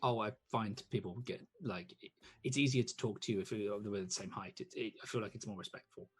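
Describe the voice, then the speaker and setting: A man's voice: lowish voice, brisk. A man voicing a burly, friendly male dragonborn sailor in a tabletop game, polite but blunt. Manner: polite with a rough edge.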